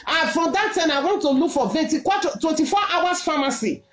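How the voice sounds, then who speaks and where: A woman's voice: high voice, animated, moderate pace, reverberant. A woman with a Nigerian accent preaching a sermon, mixing Pidgin into her English and driving her points home with repeated exhortations. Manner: emphatic, repetitive exhortation in Pidgin-laced English. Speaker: prophetess preaching. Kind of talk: sermon with testimony.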